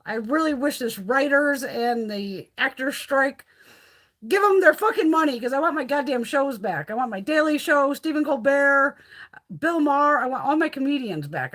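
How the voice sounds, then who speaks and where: Woman livestream host, blunt and profane, higher pitched with a swooping delivery. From Northeastern US. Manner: blunt, profane, animated storyteller. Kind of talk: casual livestream chat.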